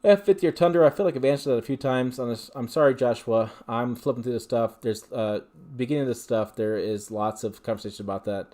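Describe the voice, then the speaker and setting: Mellow and mid-range, the voice belongs to a fast-talking man hosting an informal livestream. He picks up questions from viewers and replies in a rambling, gabby manner, tossing in fillers and restarting his thoughts often.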